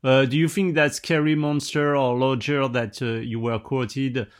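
A man's voice: mid-range voice, little pitch movement, a little slow. A man interviewing, asking questions hesitantly with fillers. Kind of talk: casual interview.

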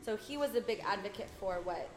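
A woman's voice: mid-range voice, lively intonation, brisk. An American woman chatting casually, patiently explaining English words and laughing easily. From United States. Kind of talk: casual conversation. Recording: roomy echo.

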